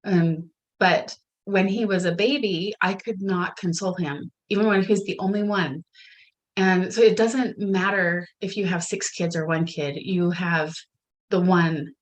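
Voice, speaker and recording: A middle-aged woman in casual conversation, telling family stories in an animated way, often slipping into quoted voices and laughing. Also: lowish voice, a little slow, low-quality recording.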